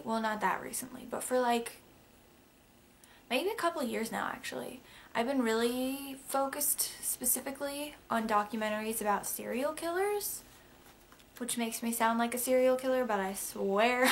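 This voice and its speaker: A woman's voice: fairly high pitch, slight background noise. A young woman chatting casually through a list of facts about herself, rambling with lots of fillers and asides. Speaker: vlogger.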